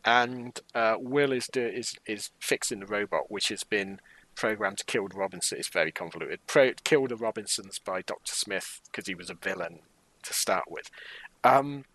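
A man's voice: lowish voice, normal speed, a bit bright, dry recording, rough recording. A man co-hosting a casual chat about a TV show, chatty and jokey, acting out quotes. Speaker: podcast co-host.

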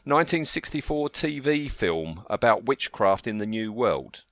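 A man's voice: on the low side, no room sound. A man hosting a podcast, chatting casually and laughing easily. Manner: lively, chatty, quick to laugh. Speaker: podcast host. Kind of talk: casual chat.

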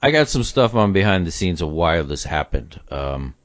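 Podcast co-host, male, lower voice with a lively swing, opinionated, dull dry recording. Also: normal speed, no echo. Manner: opinionated, animated, laughs often. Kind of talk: casual chat about a film.

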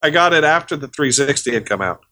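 Self-deprecating male co-host, fairly high, lively pitch. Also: fast talker. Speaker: podcast co-host. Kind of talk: casual chat.

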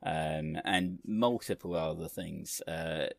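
Low gravelly-voiced man chatting. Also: takes it slowly, dry recording, studio quality. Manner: chatty storyteller, laughs loudly, many fillers. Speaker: podcast co-host. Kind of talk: casual chat.

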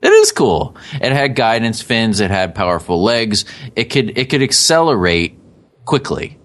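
Podcast co-host, man, low and expressive, chatty explainer. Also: measured pace. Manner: animated storytelling, jokey asides. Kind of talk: casual chat, explaining lore.

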